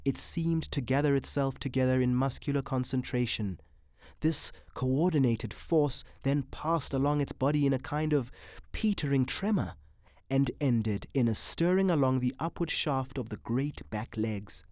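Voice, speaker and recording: A narrator reading literary fiction aloud in a measured, expressive way. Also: medium pitch, dry recording, studio quality.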